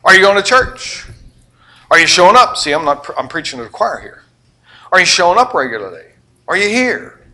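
An older man preaching a sermon, firing questions at the congregation and swinging between loud emphatic lines and quiet asides. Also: high-pitched, big pitch swings, a little fast. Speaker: pastor.

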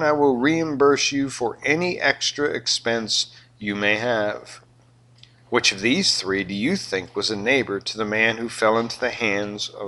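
An older man with a Southern US accent preaching a sermon, animated and joking with his congregation. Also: mid-range voice, low-quality recording. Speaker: pastor.

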